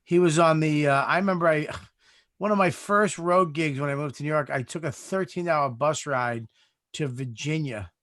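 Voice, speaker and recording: A man hosting a live comedy chat show over a video call, talking casually with lots of swearing and halting restarts. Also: on the high side, fairly bright tone, dry recording, studio quality. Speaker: host.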